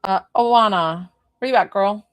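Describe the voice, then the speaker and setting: Her mid-range voice is clean and her pace measured as this woman medium gives a live-streamed reading. She chats informally and drifts off to unrelated side topics.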